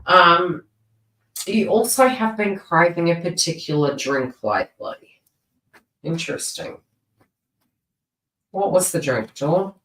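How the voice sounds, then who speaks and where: A woman's voice: fairly low pitch, animated, slow, pauses often, fairly bright tone, far from the mic. A woman giving a live-streamed tarot reading, chatty and rambling, with frequent asides and restarts. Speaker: tarot reader. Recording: roomy sound, voice away from the mic.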